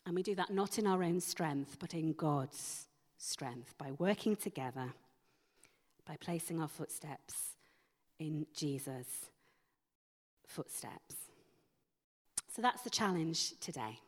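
A woman delivers a sermon in a low voice, speaking unhurriedly. She leans on emphatic rhetorical questions. Her words ring out with the long echo of a church hall. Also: slow, pauses often. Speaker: preacher.

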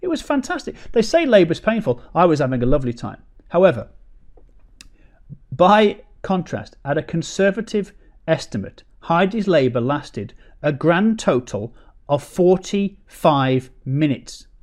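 A man doing stand-up comedy, telling a story in an animated, sarcastic, ranting way. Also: a little high, a little slow.

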